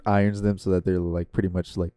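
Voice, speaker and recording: A man with a low, mellow, smooth voice co-hosts a casual comedy podcast. He riffs dry, playful jokes, recorded close with no room echo. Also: little pitch movement, quick pace. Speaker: podcast co-host.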